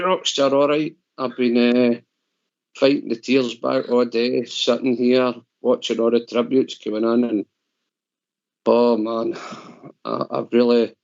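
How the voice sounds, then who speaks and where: A man's voice: mid-range voice, fairly even intonation, unhurried, gravelly. A Scottish man presenting on a call-in show, emotional and rambling. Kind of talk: casual call-in chat. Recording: dull lo-fi stream audio.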